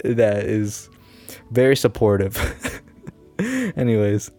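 A dark-toned, medium-pitched male podcast host makes up a silly story as he goes. He rambles, interrupts himself, and keeps laughing at what he's saying.

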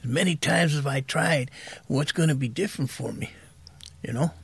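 A soft-spoken man in his fifties, telling his own story candidly as a podcast guest. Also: fairly high pitch, moderate pace, vocal fry, husky, dry recording.

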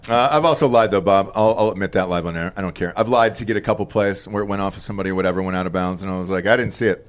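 A man's voice: sits low, rapid-fire, clean tone. A man co-hosting a podcast who chats casually, agrees a lot, and tells a coaching story. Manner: agreeable, many short yeahs, relaxed storyteller. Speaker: podcast co-host. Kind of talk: casual banter.

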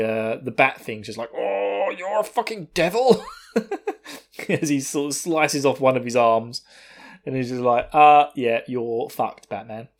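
A man co-hosting a podcast, recapping an anime episode in a casual, profane way and laughing often. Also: mid-range voice. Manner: laughing, profane, animated retelling. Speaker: podcast co-host.

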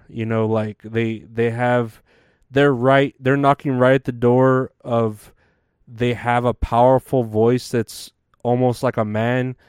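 A man's voice: mid-range voice, darkish tone, clear, resonant tone, no echo, clean studio sound. A man hosting a comedic news monologue, rambling and crude with plenty of fillers and restarts. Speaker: comedy show host.

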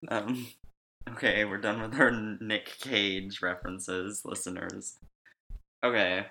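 Bright-voiced man joking with a co-host. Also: on the low side, slow pace, vocal fry. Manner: joking and animated, often laughing and acting out quotes. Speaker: podcast co-host. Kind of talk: casual chat about a movie.

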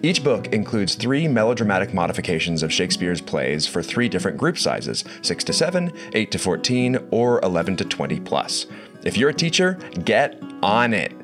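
A podcast host with a very deep voice who talks in a chatty, easy way. Guitar music plays clearly behind him. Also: male voice, very animated, moderate pace. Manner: chatty, reads listener shout-outs. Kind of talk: casual podcast hosting.

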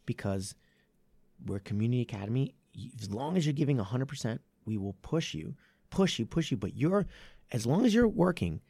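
Gravelly-voiced man talking martial arts. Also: mid-range voice, fairly quick, dry recording. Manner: rambling, self-correcting, animated when making a point. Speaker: martial arts academy owner and podcast host. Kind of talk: casual podcast chat.

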